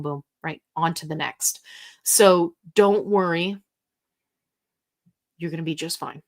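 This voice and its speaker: A woman hosting a casual live stream, chatting and reading viewer comments aloud in an upbeat, talkative way. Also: medium pitch. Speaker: livestream host answering viewer questions.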